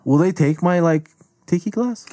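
A man's voice: high-pitched, animated, normal speed, dark tone, no echo. Male co-host, laid-back and profane, dry close mic. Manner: laid-back, swears often, laughs a lot. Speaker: podcast co-host. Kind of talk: casual chat.

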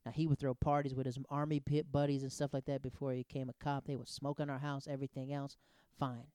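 A man in his thirties telling personal stories in a casual, animated, digressive way, often restarting his sentences. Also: medium pitch, fast talker, clean tone, no echo, studio quality. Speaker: storyteller. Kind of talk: casual anecdotal storytelling.

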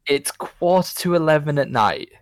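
A man's voice: fairly high pitch, lively intonation, normal speed, clear, resonant tone, dry recording. A man co-hosting a podcast, bemused and easygoing in casual chat. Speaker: podcast co-host.

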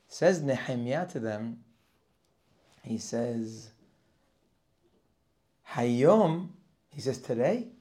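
A man teaching a Torah class for Rosh Hashanah, reading Hebrew verses and translating them line by line. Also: medium pitch. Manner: reads Hebrew verses and translates each, rising and louder as he goes.

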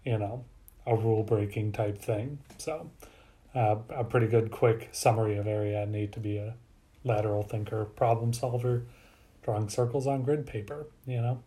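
A man's voice: lowish voice, steady tone, moderate pace, dark tone. A man co-hosting a movie review podcast, rambling and analytical, loose with his swearing. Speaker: podcast co-host. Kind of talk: casual movie review chat.

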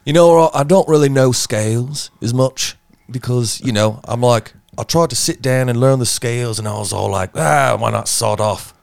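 A breezy British rock bassist, as a man puts him on in a podcast, the accent laid on for laughs. The voice sits higher than his own and keeps a gravelly, creaky edge. The sound is dry and close. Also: moderate pace, few pauses, no echo, lightly acted. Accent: British, put on. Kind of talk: podcast chat.

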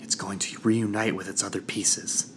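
A man voicing a weary, grumbling adventuring companion in a hushed, half-whispered voice. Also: fairly low pitch, level tone, moderate pace, a little hiss or hum, pitched above the performer's own voice, close to an everyday voice. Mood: grim. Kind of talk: audiobook narration.

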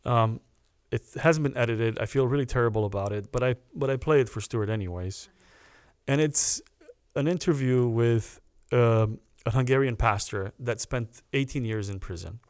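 A man, a podcast guest, telling a personal story in an earnest, animated way and acting out the people he quotes. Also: mid-range voice, moderate pace, smooth, no room sound.

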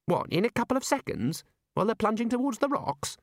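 A man's voice: very high-pitched, sing-song, fairly quick, no room sound, clean studio sound, voice pushed up, full character voice. A man doing a patient, nervous young scholar wizard. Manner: careful, patient objections.

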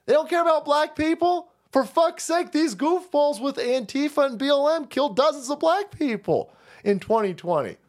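Man ranting with wildly swinging pitch. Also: animated, normal speed. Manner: profane, heated, mocking rant with frequent laughs. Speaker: streamer host. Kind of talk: ranting live-stream commentary.

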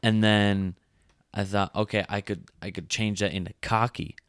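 A young man co-hosting a podcast, talking in a casual, soft-spoken and hesitant way, with frequent restarts. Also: fairly low pitch, level tone, moderate pace, no room sound. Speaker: podcast co-host. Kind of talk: casual chat.

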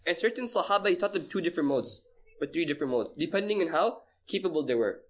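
Guy teaching a class, fast and highish, keeps asking the room stuff and repeating himself for emphasis. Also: expressive. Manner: quizzes listeners, repeats phrases for emphasis. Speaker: Islamic teacher. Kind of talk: casual classroom lesson.

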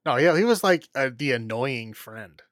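A man's voice: mid-range voice, expressive, moderate pace, fairly bright tone, no room sound. A man co-hosting a podcast, chatting casually about a film in a rambling, exasperated way, with plenty of fillers and restarts. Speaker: podcast co-host. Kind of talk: casual film review chat.

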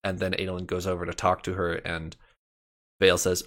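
Podcast co-host, man, very low voice, explanatory recap delivery. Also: monotone, brisk, a bit bright. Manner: explanatory, recaps plot in detail. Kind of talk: casual book discussion.

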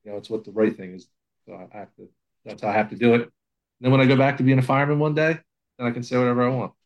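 A man's voice: mid-range voice, fairly even intonation, very fast, lo-fi sound. A man who is a volunteer assistant fire chief, talking in a casual, plainspoken and humble way with frequent restarts. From Pennsylvania, USA. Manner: plainspoken, self-deprecating, many restarts. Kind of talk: casual podcast conversation.

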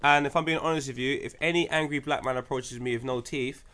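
A man's voice: mid-range voice, steady tone, fast talker, a crowd in the background. A man co-hosting a casual podcast chat, opinionated and swearing freely. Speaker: podcast co-host.

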